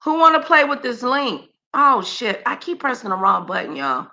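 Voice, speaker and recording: Brief: woman streamer, bright tense tone, slangy, talks to her viewers. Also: fairly high pitch, big pitch swings, normal speed. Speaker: livestream host. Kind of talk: casual reaction commentary.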